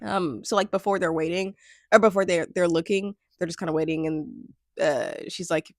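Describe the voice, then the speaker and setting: A woman's voice: on the low side, steady tone, normal speed, no room sound, studio quality. A young woman from Minnesota casually recapping a reality show, chatty and sarcastic, laughing often and trailing off mid-thought. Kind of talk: casual chat.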